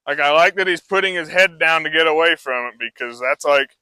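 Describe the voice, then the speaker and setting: An easygoing male horse trainer talks a live crowd through his work, loose and chatty. His voice is very bright and a little higher than most men's, with a dry, close sound. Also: fairly quick, clean tone, dry recording. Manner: casual, rambling explanation with many fillers.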